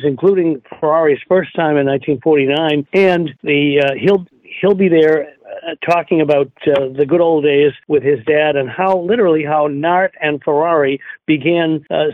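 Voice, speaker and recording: An older man calls in as a guest, his voice fairly high and squeezed through a thin phone line. He talks in halting stretches, full of fillers and restarts. The sound is dry and close. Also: no echo. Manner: hesitant, many fillers and restarts. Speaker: guest, car show director. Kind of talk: phone-in radio interview.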